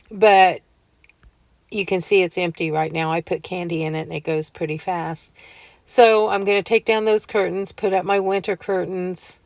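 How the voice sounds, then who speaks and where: A woman's voice: lowish voice, no room sound. A woman chatting casually to viewers about decorating her home, telling homey stories and laughing often.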